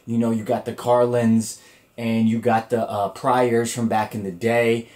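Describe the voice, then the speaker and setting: A man's voice: mid-range voice, little pitch movement, measured pace, a little mellow. A man hosting his own comedy podcast alone, talking loosely and profanely with lots of fillers and restarts. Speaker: podcast host. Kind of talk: casual solo podcast talk.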